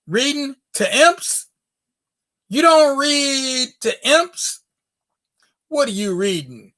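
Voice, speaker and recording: A woman storyteller voicing a loud, blustering male devil who hollers in disbelief, in a recorded folk tale. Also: high voice, animated, slow pace, voice pushed up, heavily acted. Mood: indignant. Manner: hollering, incredulous.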